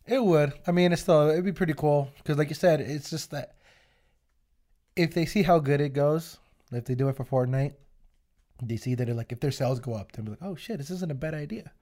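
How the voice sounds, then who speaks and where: A man whose voice sits a bit high for a man, chatting on a podcast. He is slangy and animated and curses casually as he talks. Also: a little fast. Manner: slangy, animated storyteller who swears freely. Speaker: podcast co-host. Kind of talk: casual chat.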